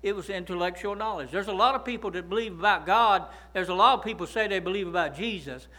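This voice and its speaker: A man's voice: sits high, fast, bright, forceful tone, low-quality recording. A man preaching a sermon as pastor, often prompting the congregation with "right?" and "amen?".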